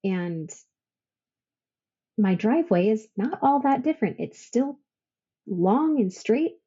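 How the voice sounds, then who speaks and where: Podcast guest, woman, warm and husky, emotional storyteller who laughs often, slightly muffled remote audio. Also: fairly high pitch, lively intonation, takes it slowly. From Idaho, United States. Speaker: podcast guest, veteran business owner. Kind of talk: casual interview storytelling.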